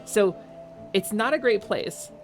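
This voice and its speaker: A woman from North New Jersey with a North Jersey accent chats candidly with her audience during a game stream, full of fillers and restarts. Her medium-pitched voice is animated but slow-paced, with faint music behind it.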